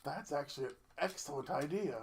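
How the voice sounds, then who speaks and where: A man co-hosting a casual wrestling podcast who rambles, halting and restarting his sentences as he chats. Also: on the high side, breathy edge. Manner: rambling, halting, self-interrupting. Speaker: podcast co-host.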